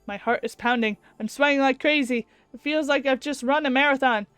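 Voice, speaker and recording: A woman reading as an anxious young male scientist narrating his own thoughts in a visual novel. The delivery is a hushed, brooding inner monologue in a high voice on a dry, close mic with faint music behind. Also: fairly quick, smooth, dry recording. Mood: tense.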